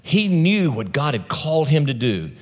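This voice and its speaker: A man's voice: a little high, big pitch swings, moderate pace. A man preaching a sermon as pastor, reading scripture aloud and then explaining it in a conversational way, stretching key words for emphasis.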